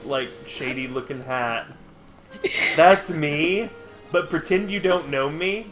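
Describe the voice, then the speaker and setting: A man's voice: on the high side, slow, fairly bright tone, soft background music. A man hosting a casual game stream, chatting playfully and spinning absurd jokes.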